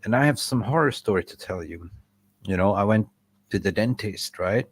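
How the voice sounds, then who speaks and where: A man hosting a casual fan chat over a call, telling animated stories and swearing freely. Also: lowish voice, moderate pace, slightly rough. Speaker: fan show host.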